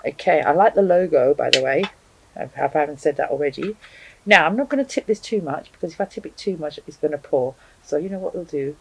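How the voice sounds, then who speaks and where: A woman's voice: low-pitched, brisk, vocal fry, darkish tone, a little hiss or hum, low-quality recording. A woman reviewing hot sauces to camera at home, chatting casually and thinking aloud with frequent ums. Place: home, indoors with a cat.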